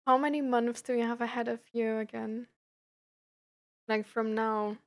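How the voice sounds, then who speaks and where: A woman's voice: a little high, steady tone, measured pace. A young woman from Germany with a light German accent, chatting casually with her live-stream audience and laughing often. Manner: giggly, chatty, reacts to chat.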